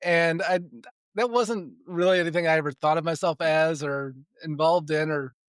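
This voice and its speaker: Relaxed man recounting stories, dry sound. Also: a little high, normal speed, clear, resonant tone, dry recording. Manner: frequent restarts and repeated words; chuckles between sentences. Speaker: podcast guest, spiritual development coach. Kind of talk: casual storytelling in conversation.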